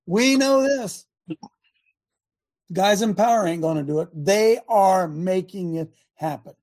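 A man's voice: sits high, normal speed, warm tone. A man hosting call-in talk radio, talking in a fervent, preachy way and firing off rhetorical questions.

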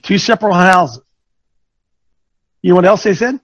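A man coaching an audience, speaking in an animated, teasing way that quizzes listeners with questions and thinks aloud. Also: high-pitched, normal speed, no echo, dull audio. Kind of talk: lecturing talk with rhetorical questions.

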